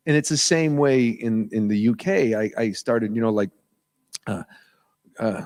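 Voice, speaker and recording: An American man, a voice actor guest at a convention panel, telling lively stories and slipping into voices in an auditorium. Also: fairly low pitch, normal speed. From United States. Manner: animated storyteller, slips into voices and impressions.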